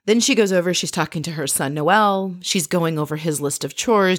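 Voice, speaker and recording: A woman's voice: fairly low pitch, moderate pace, few pauses, dry recording, studio quality. A woman giving a chatty, opinionated recap of a reality TV episode, telling it like a story.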